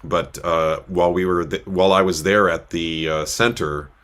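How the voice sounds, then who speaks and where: Very deep-voiced rambling male cantor. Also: fairly even intonation, normal speed, fairly bright tone. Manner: rambling, with many filler sounds. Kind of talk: casual storytelling on a livestream. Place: synagogue.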